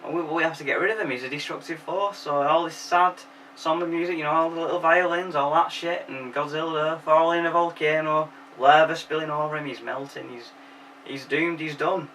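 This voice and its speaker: A man's voice: fairly high pitch, steady tone, brisk, pushed and bright, distant mic, low-quality recording. Brief: young male host, jokey sweary film recap, faint background hiss.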